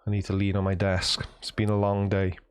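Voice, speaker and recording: A man's voice: sits low, monotone, brisk, clean tone. A man hosting a casual livestream, reading chat messages aloud and answering them with wry, self-mocking banter.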